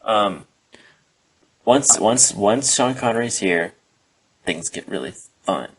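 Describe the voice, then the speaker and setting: A man co-hosting a podcast in casual, rambling chat, joking and filling pauses with "like" and "um". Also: lowish voice, lively intonation, breathy edge, low-quality recording. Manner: rambling, jokey, many fillers. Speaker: podcast co-host.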